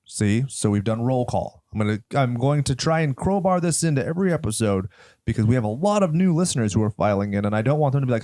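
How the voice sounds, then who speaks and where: A man hosting a horror podcast in casual chat, talking loud and theatrical. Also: mid-range voice, lively intonation, fast talker, no echo. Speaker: podcast host.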